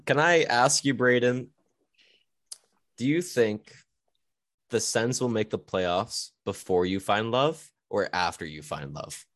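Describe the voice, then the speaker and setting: A man's voice: lowish voice, slow pace, fairly bright tone. A man co-hosting a casual podcast, teasing and laughing often. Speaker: podcast co-host.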